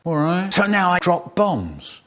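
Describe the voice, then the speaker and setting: An older man telling comic stories in an expressive, playful way, cut up and remixed. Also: high voice, a little slow, loud music behind the voice. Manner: animated, expressive, playful voices.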